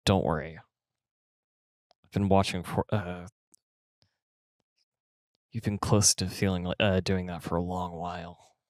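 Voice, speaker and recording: Man doing a guilty, persuasive pit boss, deep voice, urgent. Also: flat delivery, measured pace, pauses often, no echo, clean studio sound. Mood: reassuring. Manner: urgent, persuasive, stumbling restarts.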